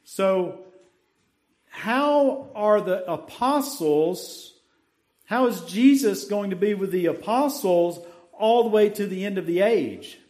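Male preacher, high pitch, slow deliberate delivery, quizzes the congregation, leans hard on scripture. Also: animated, darkish tone. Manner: asks the congregation questions, slow emphatic scripture reading. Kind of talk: sermon.

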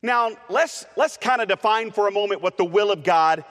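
Soft background music plays as a male preacher delivers a chatty, playful sermon to his congregation, full of uh's and restarts, his words echoing with the long reverb of the church hall. He speaks at normal speed in a high-pitched, slightly bright voice.

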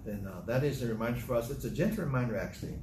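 An older man, a grandfather, preaching a sermon in an animated way and acting out bits of dialogue. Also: medium pitch, racing. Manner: animated, acts out dialogue in different voices. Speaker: pastor. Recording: echoey room with noticeable noise.

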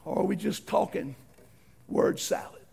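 A middle-aged man preaching a folksy storytelling sermon, animated and acting out the voices in his stories. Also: a little slow.

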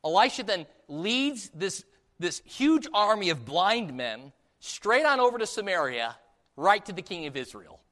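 Male pastor, slightly high voice, animated sermon storyteller. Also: unhurried. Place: church sanctuary. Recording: long hall reverb.

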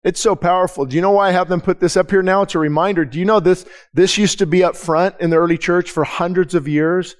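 Pastor guy preaching at church, bit of a high voice, talks real candid, repeats himself, keeps asking the crowd stuff. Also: steady tone, fast, hardly any pauses. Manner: candid, emphatic, repeats words and restarts often; asks the congregation direct questions. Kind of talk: conversational sermon. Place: church service.

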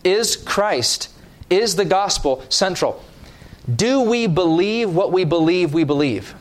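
A man preaching a sermon with slow, emphatic delivery, stressing key words and dropping his voice at line ends. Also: high-pitched, animated.

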